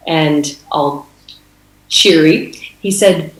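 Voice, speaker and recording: A woman's voice: deep voice, fairly even intonation, takes it slowly, roomy sound, poor audio. A middle-aged woman from Canada telling a story in an earnest conference speech, with fillers and restarts. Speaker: conference speaker.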